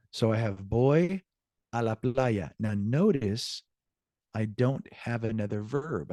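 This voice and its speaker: A man teaching an evening language class, explaining grammar slowly and repeating each example. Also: on the low side, darkish tone, no room sound. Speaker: Spanish teacher. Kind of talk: online class lecture.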